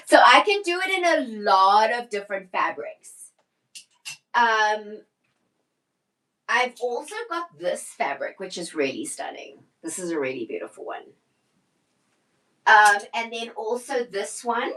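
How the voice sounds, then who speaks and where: Woman, middle-aged, live-stream stylist, casual chat, slightly high voice, restarts sentences. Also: big pitch swings, takes it slowly, pauses often, a bit bright, rough recording. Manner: chatty, answers viewer comments, trails off and restarts mid-sentence. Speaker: personal stylist hosting a live shopping stream.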